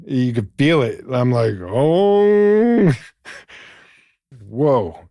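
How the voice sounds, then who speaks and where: A middle-aged man telling a story in a relaxed podcast chat. He acts out the voices in it and swears now and then. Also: medium pitch, takes it slowly, gravelly, no room sound, clean studio sound. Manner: animated, acts out quoted lines, swears. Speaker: podcast guest. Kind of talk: casual storytelling.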